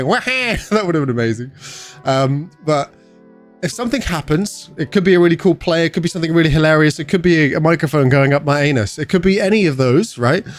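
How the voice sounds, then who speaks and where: A young British man with a slightly high voice, upbeat and chatty as he hosts a livestream from his bedroom. He greets viewers one by one in a relaxed, joking tone, with soft music playing faintly behind him. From United Kingdom. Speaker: streamer. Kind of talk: casual livestream chat. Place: bedroom streaming setup.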